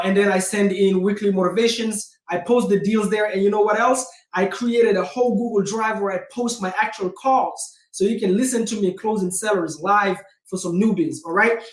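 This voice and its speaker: A man hosting his own video, giving casual, energetic real estate advice straight to viewers and calling them guys. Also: high-pitched, reverberant. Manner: energetic, direct, keeps calling viewers 'guys'. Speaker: real estate investor and channel host. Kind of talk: casual motivational vlog talk. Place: indoor room with a self-made backdrop.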